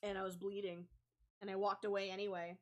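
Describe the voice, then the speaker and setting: A young adult woman, a comic artist vlogger, rambles through a casual story while she draws, full of ums and likes. Her pitch is medium, her tone level, and her pace brisk.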